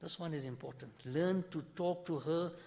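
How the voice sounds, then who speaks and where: South African male preacher, earnest and chatty, slightly high voice, long mosque reverb. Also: moderate pace, gravelly, warm tone. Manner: earnest, conversational preaching with acted-out stories. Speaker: mufti giving a talk in a mosque. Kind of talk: sermon. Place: mosque hall.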